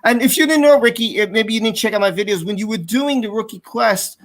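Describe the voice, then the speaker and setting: A man hosting a casual live stream, telling stories in an excited, rambling way and reading out viewer comments. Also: high voice, fairly quick.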